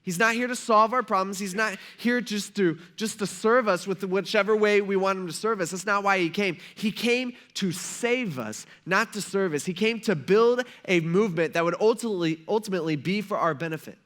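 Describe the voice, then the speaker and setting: Male pastor with a high voice; loose, conversational preaching style with animated retellings. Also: fairly quick, few pauses. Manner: conversational, slangy, acts out quoted voices. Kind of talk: casual sermon. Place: church.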